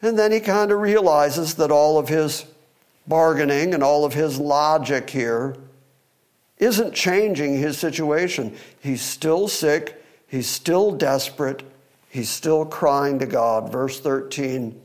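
A man's voice: on the high side, expressive, unhurried, darkish tone. A man teaching verse by verse through a psalm, earnest and expository, pressing points with emphatic rising questions. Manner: wry aside about holding the microphone. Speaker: Bible teacher. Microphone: microphone.

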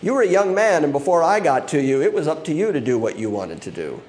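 A man's voice: fairly high pitch, sing-song, quick pace, darkish tone, a little hiss or hum. A male pastor preaching an expository sermon, acting out quoted voices and laughing often.

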